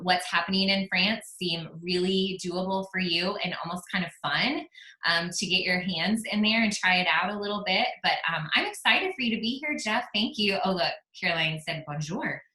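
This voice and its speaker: Bright upbeat woman hosting a team call. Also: on the low side, reverberant, poor audio. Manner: upbeat, laughs often. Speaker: team leader and call host. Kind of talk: team video call talk. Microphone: video call.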